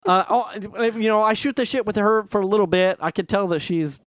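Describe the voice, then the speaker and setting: A middle-aged man co-hosting a podcast, telling a rambling, animated story in casual chat and acting out quotes. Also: high voice, a little fast, clean tone, dry recording, studio quality. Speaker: podcast co-host.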